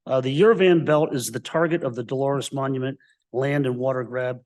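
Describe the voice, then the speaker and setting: A man's voice: mid-range voice, fairly even intonation, brisk, a little mellow. Male political candidate from the Western Slope, prepared public comment, emphatic and combative. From Colorado's Western Slope. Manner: combative, emphatic, repeated strong claims.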